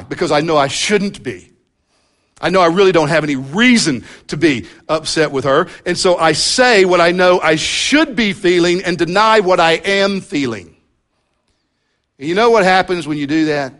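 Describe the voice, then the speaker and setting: A man preaching a sermon to his congregation, earnest and drawing out key words with slow emphasis. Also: on the high side, fairly bright tone. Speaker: pastor. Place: church service with congregation present.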